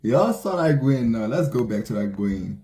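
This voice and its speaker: A man's voice: medium pitch, very animated, normal speed, a loud crowd. A man reacting to a video with short, amazed, laid-back remarks. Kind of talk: reaction commentary.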